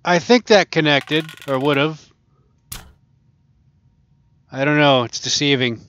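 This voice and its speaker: A man's voice: on the high side, takes it slowly, fairly bright tone, smooth. Chatty man narrating VR play. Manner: chatty, amused, talking to himself as he plays. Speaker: gaming channel host. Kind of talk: casual VR gameplay commentary.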